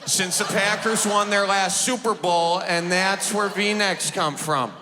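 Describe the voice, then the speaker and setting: A man in his thirties with a Wisconsin accent, doing animated stand-up storytelling on a large theater stage. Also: sits high, takes it slowly, a little hiss or hum. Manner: animated, shouting punchlines. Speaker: stand-up comedian. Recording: live theater, long reverb, crowd.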